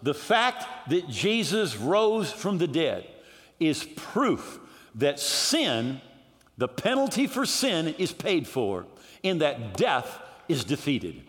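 A male pastor preaching a fervent sermon, rising to shouts at times. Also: on the high side, very animated, slow pace. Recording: echoey hall reverb.

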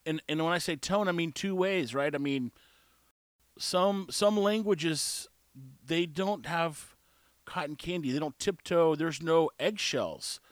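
A man's voice: a little high, takes it slowly, dry recording, studio quality. A man talking casually on his own, rambling, opinionated and laughing at his own jokes. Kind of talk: casual solo talk.

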